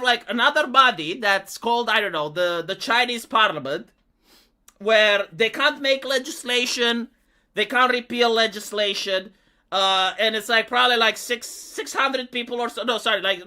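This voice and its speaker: Heated live-stream ranter, bright and sarcastic. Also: medium pitch. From Romania. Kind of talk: ranting live-stream commentary.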